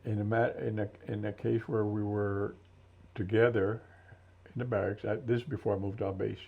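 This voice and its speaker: A man in his seventies, an interview guest and military veteran, telling his story slowly and thoughtfully with many restarts in a gravelly voice. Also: on the low side, little pitch movement. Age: 70s. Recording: dull lo-fi recording.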